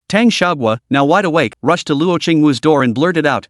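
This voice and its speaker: A man narrates a web novel with lively, animated storytelling, his voice sitting a bit high. The recording is dry and close, with no room sound. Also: normal speed, few pauses, no echo.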